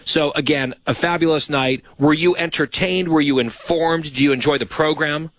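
A man's voice: fairly high pitch, steady tone, normal speed, fairly bright tone, no room sound. A man hosting a casual chat, telling stories with wry, teasing humor. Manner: dry teasing, wry storytelling. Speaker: show host.

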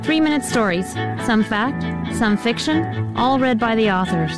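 Woman host introducing over loud music. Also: on the high side, animated, unhurried, poor audio. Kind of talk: scripted introduction. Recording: music bed under voice.

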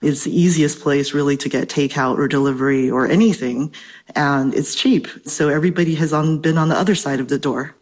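A woman's voice: low-pitched, fairly quick, darkish tone. A woman professor answering interview questions in an articulate, academic way, slightly out of breath. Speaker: professor and guest expert.

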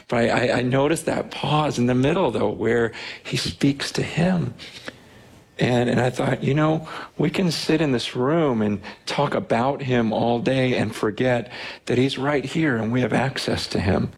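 A man's voice: a little high, moderate pace. Earnest man preaching a sermon. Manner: earnest, animated, repeats words when excited. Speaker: pastor. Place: church hall.

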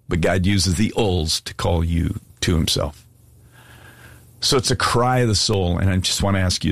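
A man's voice: low-pitched, vocal fry, no room sound. A man preaching an earnest, pleading sermon and asking listeners to give their lives to Jesus. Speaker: pastor. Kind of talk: sermon altar call.

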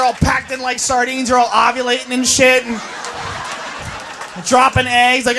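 Male stand-up comic, high, lively delivery, live club with roaring crowd. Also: moderate pace, very noisy. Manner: profane, shouting, animated. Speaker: stand-up comedian. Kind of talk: stand-up comedy. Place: comedy club stage.

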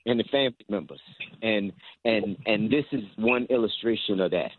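A man's voice: lowish voice, moderate pace, husky. A man from Baltimore calling in to a radio show, hesitant and searching for his words. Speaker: caller. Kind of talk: call-in radio talk. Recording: tinny phone line.

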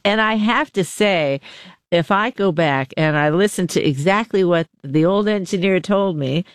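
A playful, chatty host leads the interview, sprinkling in filler words and jokes at their own expense. The voice sits at a middle pitch and is recorded close and dry. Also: moderate pace, clean tone, no echo. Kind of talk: conversational interview hosting.

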